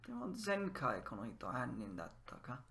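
His medium-pitched voice is creaky and sharp, brisk in pace, with huge swings in pitch. The speaker, a language teacher, plays a game while casually teaching Japanese, sampling phrases and explaining them in English. He alternates between languages as he muses aloud.

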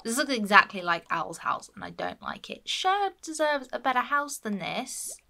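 A woman's voice: on the high side, big pitch swings, normal speed, creaky, bright, forceful tone. A woman giving playful, chatty commentary while playing a life-sim game. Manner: playful, chatty, fond of cute characters. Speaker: gameplay streamer. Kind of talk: casual gameplay commentary.

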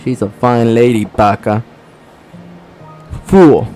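A man's voice: fairly low pitch, a little slow, a little mellow, soft background music. A man giving crude, joking commentary as he streams a game, laughing often. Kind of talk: casual gameplay commentary.

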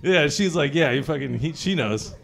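A young man with a high voice performs crude stand-up at a brewery gig. He tells his stories with lively energy and acts out panicked voices in them. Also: normal speed, gravelly. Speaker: stand-up comedian. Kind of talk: stand-up comedy set. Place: brewery comedy show.

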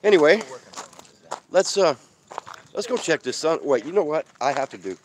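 Slight background noise sits under a man's fairly high voice, which has lively intonation and a moderate pace. He's a van-life vlogger on a live stream from a desert campsite outdoors, casually rambling, reading comments from viewers, and talking with his mouth full as he eats.

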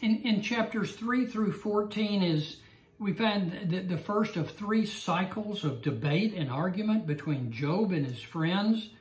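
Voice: mid-range voice, echoey room. A Bible class teacher giving an evening lesson and telling a joke with chuckles and restarts.

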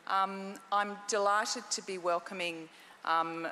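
An Australian woman chairs a conference session with formal, gracious introductions. Her voice sits a little low but sounds bright and forceful, with faint hall ambience behind it. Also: a little slow, a little hiss or hum. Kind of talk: conference moderation.

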